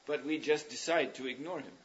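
A man leading a religious class, explaining ideas at length in a thoughtful, meandering way with pauses and fillers. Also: a little high. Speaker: spiritual teacher leading a class. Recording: dull lo-fi recording.

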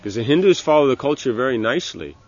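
A man giving an informal religious lecture as a spiritual teacher, talking in a halting way with many restarts and "you know". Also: medium pitch, lively intonation, a little mellow, highs cut off.

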